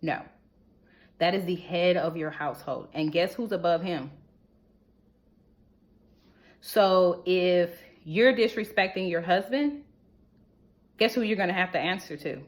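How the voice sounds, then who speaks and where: A woman's voice: lowish voice, moderate pace. Emphatic woman giving marriage advice. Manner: lively, preachy, emphatic with rhetorical questions. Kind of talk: casual advice talk to wives.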